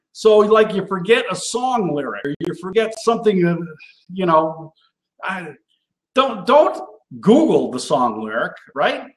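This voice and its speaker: A chatty man hosts a live cooking show in a fairly high voice, tagging every point with a quick "all right?". He sounds excited and worked up. The room around him is echoey. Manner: enthusiastic and animated, gets worked up. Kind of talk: casual live-stream chat.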